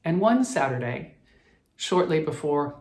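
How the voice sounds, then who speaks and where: A man's voice: a little high, sing-song, unhurried, roomy sound. A man from the American South, a cross-stitch vlogger, telling a childhood memory in a rambling, reflective way with many restarts, choked up at times. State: emotional, choked up. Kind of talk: personal storytelling.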